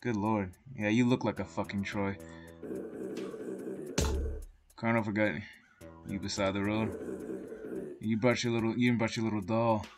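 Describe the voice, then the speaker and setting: A surly, mocking small-town gas station keeper with a sneering, dismissive way of talking, as a man acts him out. The voice sits low, and game music plays clearly behind it. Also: steady tone, moderate pace, lightly acted.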